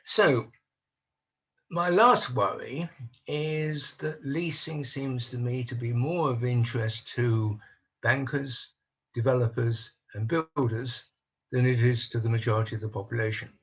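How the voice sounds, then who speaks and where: An older man speaking on a conference panel over a video call, measured and analytical, voicing doubts in a deliberate way. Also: mid-range voice, steady tone, fairly bright tone, slightly rough, lo-fi sound. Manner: measured, analytical, openly skeptical. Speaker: panel speaker on housing policy. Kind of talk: online conference talk.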